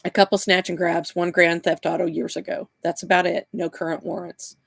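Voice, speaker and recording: A man's voice: sits high, level tone, a little fast, vocal fry, a bit bright, husky, no room sound, clean studio sound, exaggerated voice. A man reading aloud voices a blunt, crude young male patrol officer.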